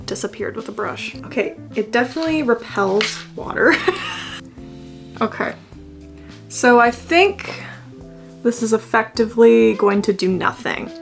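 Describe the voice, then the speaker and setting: A woman's voice: on the high side, lively intonation, a little slow, vocal fry, long pauses, soft background music. A young woman in her twenties chatting casually through a makeup attempt, self-deprecating, swearing freely and slipping into mock-dramatic wails. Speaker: beauty vlogger.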